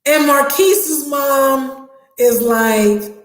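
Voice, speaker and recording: Woman storyteller, bright and fairly high, acts out every line of dialogue. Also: very slow, roomy sound. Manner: animated retelling with acted dialogue. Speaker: storyteller, former teacher and coach. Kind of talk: personal storytelling.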